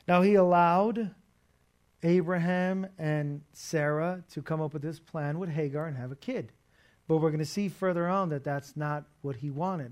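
A man's voice: a little high, a little mellow. Emphatic conversational male preacher. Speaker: pastor. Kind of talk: sermon.

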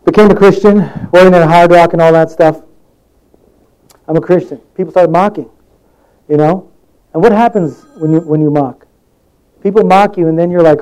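A man delivers a sermon in a loose, conversational way, his voice a little higher than most men's and mellow in tone. He tells stories from his own life and slips into the voices of the people in them. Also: moderate pace, long pauses, smooth, low-quality recording. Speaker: preacher.

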